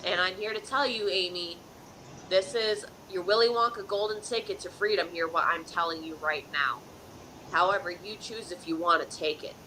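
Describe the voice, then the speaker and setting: Woman on a psychic livestream, bright pushy voice, keeps going "okay?", slight hiss behind. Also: on the low side, normal speed, rough recording. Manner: emphatic, preachy, keeps asking "okay?"; dramatic countdowns and pep-talk repetition. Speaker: psychic advice host. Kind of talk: live-stream advice talk.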